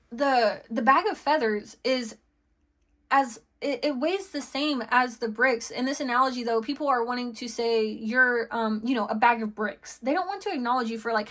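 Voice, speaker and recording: A woman's voice: fairly high pitch, normal speed, a bit bright. A woman giving a casual tarot reading, rambling and chatty with lots of fillers and restarts, laughing between thoughts. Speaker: tarot reader.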